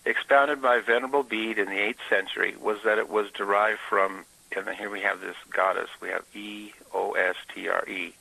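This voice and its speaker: Male Bible teacher, informal talk, bright gravelly tone, pauses a lot to think. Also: fairly low pitch, fairly even intonation, low-quality recording. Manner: explanatory, with frequent filler pauses.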